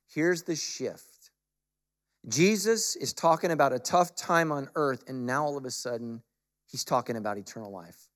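A male pastor preaching a sermon, moving from casual storytelling to forceful, emphatic exhortation. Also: mid-range voice, normal speed.

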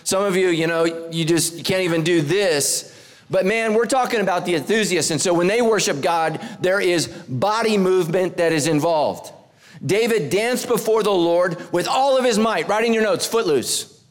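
A man in his forties preaching a humorous sermon as pastor. He jokes with the congregation, climbs to near-shouts on punchlines, and drops low and soft when he prays. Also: normal speed. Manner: animated, joking, rising to near-shouts on punchlines.

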